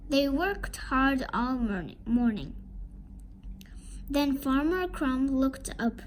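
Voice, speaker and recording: A woman reads a children's storybook aloud at an unhurried pace. Her voice is high and sings up and down as she brings the story to life. A faint room hum sits behind her. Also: low-quality recording. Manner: slow, expressive reading. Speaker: storybook reader.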